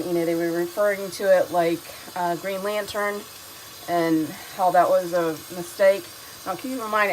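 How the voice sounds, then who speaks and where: A middle-aged woman vlogs from home with a fairly low voice, and there's a faint hiss or hum in the background. She rambles through a casual, chatty review while doing her skincare routine, full of ums and digressions, sounding emotional and enthusiastic.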